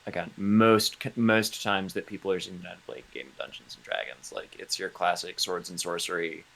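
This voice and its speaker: A man co-hosting a live-streamed tabletop gaming talk show, chatting casually in an animated way, stumbling and restarting his sentences. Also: low voice, a little fast, vocal fry. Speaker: podcast co-host.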